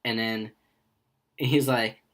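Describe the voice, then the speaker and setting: A man's voice: medium pitch, steady tone, takes it slowly, fairly bright tone. Rambling young man telling work stories. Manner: rambling storyteller who acts out quoted voices. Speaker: podcast co-host. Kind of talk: casual podcast chat.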